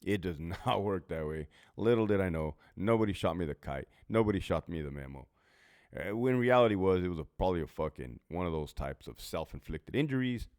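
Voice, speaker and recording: A middle-aged man chats casually and bluntly, swearing freely and laughing at himself. His voice sits low but swings widely in pitch, animated as he tells stories from his prison job. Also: brisk, clear, resonant tone. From California. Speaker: former prison officer answering viewer questions. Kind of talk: casual Q&A chat.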